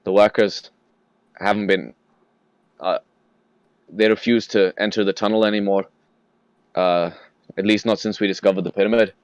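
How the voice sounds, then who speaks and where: A man narrating a tabletop game as game master and voicing its characters in a gruff way. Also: fairly low pitch, steady tone, moderate pace, pauses often, dry recording, lo-fi sound.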